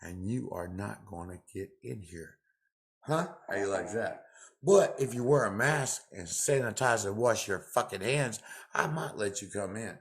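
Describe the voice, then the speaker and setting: A man ranting angrily to the camera in a profane, confrontational way, repeating himself with loud outbursts. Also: lowish voice, animated, a little slow.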